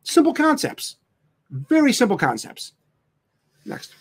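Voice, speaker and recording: A man who trains dogs, answering live chat questions bluntly, swearing freely and mocking soft owners in a sing-song voice. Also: very high voice, slow, slightly rough. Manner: blunt, profane, animated, mocks in a sing-song voice. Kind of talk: casual live Q&A.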